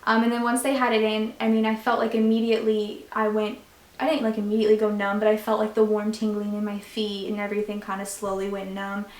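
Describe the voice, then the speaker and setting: A woman's voice: medium pitch, monotone, fast talker. A young woman casually retelling a personal story on a vlog, chatty and full of fillers. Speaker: vlogger. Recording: echoey room.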